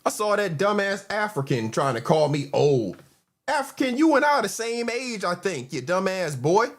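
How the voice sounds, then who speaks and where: A man's voice: high-pitched, very animated, moderate pace. A man in casual panel chat, arguing and repeating his questions.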